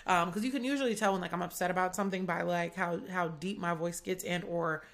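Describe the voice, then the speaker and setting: Young woman from Atlanta hosting a podcast, slightly low voice with vocal fry, chatty and candid. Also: steady tone, fast talker, a bit bright. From Atlanta, USA. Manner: chatty, candid, heavy use of "like". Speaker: podcast host. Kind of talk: casual podcast monologue.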